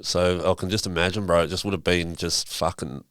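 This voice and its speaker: A man's voice: low voice, steady tone, fairly quick, a bit bright, clean tone, no room sound, studio quality. A man with an Australian accent hosting a casual podcast, laid back, mostly short agreeing replies and some swearing. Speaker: podcast host. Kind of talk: casual interview chat.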